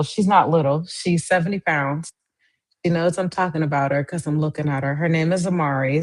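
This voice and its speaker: Woman live-stream host, young adult, chatty and lively, mid-pitched voice, talks straight to viewers. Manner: chatty, addresses viewers directly; lively, swings up high in pitch. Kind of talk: casual live-stream chat.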